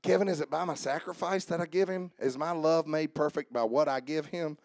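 A man preaching a sermon. He jokes with the congregation and swings from soft asides to raised calls. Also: a little high, fairly quick, no room sound, studio quality. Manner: joking with the congregation. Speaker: pastor. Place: church service with instrument behind.

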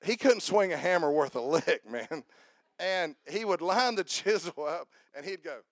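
A man's voice: a little high, animated, normal speed, no room sound. A man preaching a sermon to his congregation, joking and repeating himself as he talks to people in the room by name. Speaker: pastor.

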